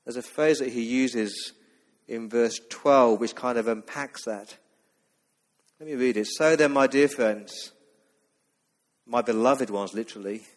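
A man of middle pitch preaches a Sunday sermon with earnest emphasis. He reads scripture aloud and presses his points home. His voice carries a long reverb from the hall. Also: unhurried, long pauses. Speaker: pastor. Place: church.

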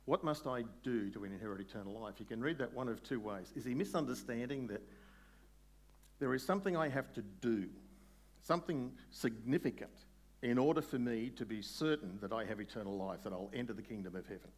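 A man preaching a sermon in a conversational way, putting questions to his listeners and slowing down on key words. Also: medium pitch. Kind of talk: sermon, Bible exposition.

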